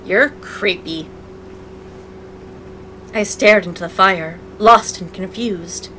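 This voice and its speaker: A woman's voice: medium pitch, fairly even intonation, measured pace, pushed and bright, a little hiss or hum, poor audio. A woman narrating a visual novel aloud as a let's play, breaking in with sarcastic, playful asides. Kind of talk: reading game text aloud with commentary.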